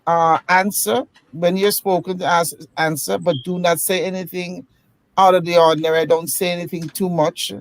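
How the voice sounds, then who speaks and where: A woman on a casual online panel discussion, speaking in a measured way and giving practical advice. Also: on the low side, little pitch movement, low-quality recording. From United States.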